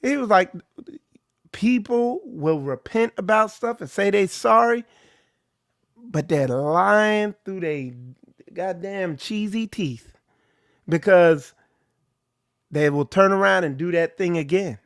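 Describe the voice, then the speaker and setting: A man's voice: high voice, takes it slowly, long pauses, dry recording, clean studio sound. A man leading an informal ministry talk, preaching bluntly and with animation. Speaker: ministry leader. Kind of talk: informal sermon.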